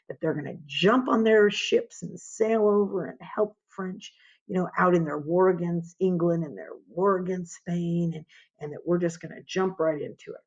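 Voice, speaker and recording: A woman's voice: on the low side, creaky, darkish tone, slightly rough, lo-fi sound. A woman teaching a history lesson in an informal, conversational way, asking rhetorical questions as she goes. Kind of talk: informal classroom lecture.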